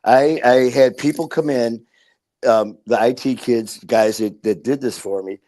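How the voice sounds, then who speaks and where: A man's voice: medium pitch, measured pace, dark tone. Candid, swearing man telling stories. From Detroit, Michigan. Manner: candid, swears freely, tells stories with quoted dialogue. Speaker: podcast guest. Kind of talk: casual interview talk.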